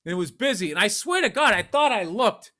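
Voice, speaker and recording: A middle-aged man co-hosting a podcast, telling animated, profane childhood stories in casual chat. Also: sits high, fairly quick. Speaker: podcast co-host.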